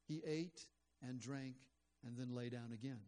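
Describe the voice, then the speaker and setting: A man's voice: medium pitch, steady tone, measured pace, mellow. Male pastor, mid-range voice, earnest conversational sermon delivery. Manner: conversational, earnest, with frequent fillers.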